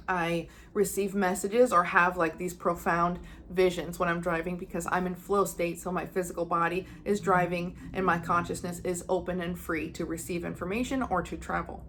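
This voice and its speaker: Speaking to camera in a relaxed, personal way, this psychic medium earnestly shares a story from her life and dramatizes her inner thoughts with emotion. Her medium-pitched voice is slightly bright, with a faint hiss or hum in the recording.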